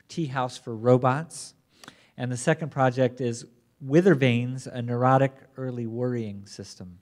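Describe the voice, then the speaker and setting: A man acting as conference moderator, introducing the plenary speakers in a measured way with occasional restarts. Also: mid-range voice, darkish tone. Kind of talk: formal introduction.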